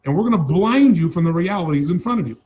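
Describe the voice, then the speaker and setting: Lively high-pitched man giving a motivational seminar. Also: quick pace. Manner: dramatic, acts out voices of people he describes; emphatic, repeats phrases for effect. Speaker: seminar speaker.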